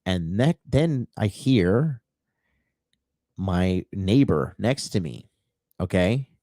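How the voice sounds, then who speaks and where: A man's voice: deep voice, sing-song, very slow, dark tone, no room sound, studio quality. A dating coach telling a personal story to his viewers in a profane, emphatic way. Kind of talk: casual storytelling monologue.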